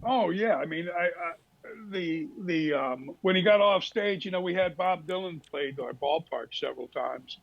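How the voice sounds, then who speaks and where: An older man with a gravelly, fry-laced voice tells anecdotes on a talk show, slipping into brief impressions. His voice sits a bit high for a man. The recording sounds slightly muffled and lo-fi. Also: normal speed. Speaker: guest telling stories. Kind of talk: casual storytelling interview.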